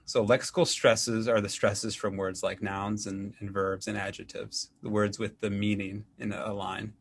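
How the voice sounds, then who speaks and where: A man, an English professor, giving an academic lecture in a measured way, with frequent ums and restarts. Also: lowish voice.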